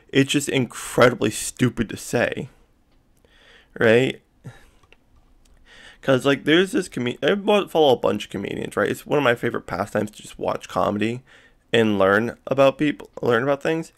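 A man's voice: medium pitch, animated, normal speed, creaky. A man ranting casually to camera, rambling with many fillers and asides and swearing in exasperation. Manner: profane, exasperated. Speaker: vlogger. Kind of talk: casual rant.

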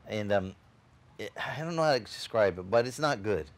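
Male pastor telling a lively sermon story. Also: lowish voice, normal speed. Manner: animated storyteller who acts out quoted dialogue, with frequent restarts; chatty, addresses the congregation directly.

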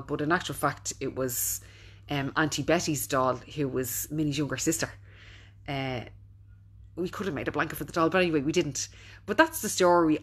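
A woman's voice: deep voice, a bit bright. A middle-aged Irish woman chatting casually on a live stream, reading out viewers' comments and encouraging them. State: recovering from being unwell. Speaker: business owner hosting a Facebook live.

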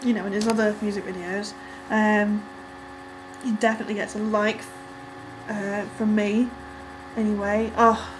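A young woman casually reacting to a music video, rambling with lots of ums and likes and breaking into excited squeals. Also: medium pitch, moderate pace, long pauses, heavy background noise.

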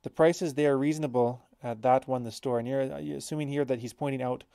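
A man's voice: medium pitch, fairly even intonation, fast, creaky, warm tone, no room sound, clean studio sound. A man teaching a language lesson, explaining example sentences patiently and correcting himself as he thinks aloud.

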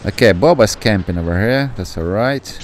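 Man, very deep voice, gaming commentary, excitable, swears and apologizes, rambling asides, faint background hiss. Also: moderate pace. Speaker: gameplay commentator.

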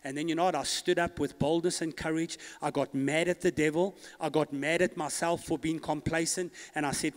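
High-voiced preaching man in a reverberant hall. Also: steady tone, brisk, few pauses. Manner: call-and-response preaching, rising to loud declarations. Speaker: pastor. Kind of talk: sermon. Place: church hall. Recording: long church hall reverb.

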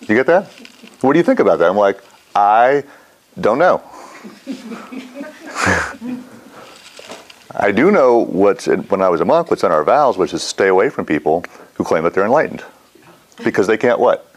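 Low-voiced man teaching, lively and rambling. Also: quick pace. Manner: rambling, animated, asks the class questions. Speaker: mindfulness teacher. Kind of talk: casual classroom talk.

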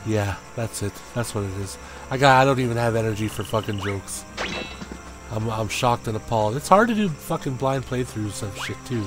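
A man streaming a game, cursing, shouting at enemies and grumbling about the game as he plays. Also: on the low side, lively intonation, normal speed. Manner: profane, frustrated outbursts and yelling at the game. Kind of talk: live gameplay commentary. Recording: game music behind voice.

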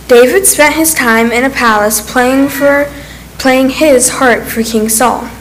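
Brief: steady woman storyteller for kids, a touch high, light background hum. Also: poor audio. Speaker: children's story reader. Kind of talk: reading a children's Bible story aloud.

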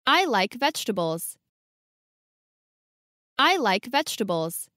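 A woman with a high, bright voice reads short practice phrases in a deliberate, unhurried way. Her pitch moves expressively, and every word is carefully enunciated. The sound is close and dry, with no room around it. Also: sing-song, dry recording. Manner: clear, careful enunciation, each phrase said twice. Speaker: English model reader. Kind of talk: slow repeated phrase reading for learners.

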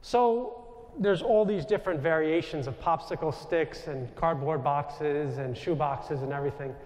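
A Jesuit priest with a New York accent tells stories to a live crowd, turning now and then to speak to people in the room. His voice sits a little high for a man. It carries a long reverb from a large hall. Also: a little slow. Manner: animated anecdotal storytelling, asides to the audience. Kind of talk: storytelling talk to a live audience.

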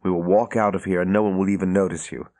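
Guy doing a firm no-nonsense young woman in an audiobook, deep, grim. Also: flat delivery, fast, mellow. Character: young woman leader, stern and determined.

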